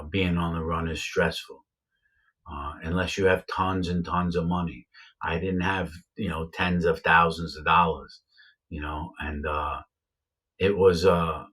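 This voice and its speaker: Brief: a husky, deep-voiced man from New York, rambling through a story. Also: a bit bright. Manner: rambling, many uh fillers, repeats himself. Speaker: vlogger telling his own story. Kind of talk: casual storytelling to camera.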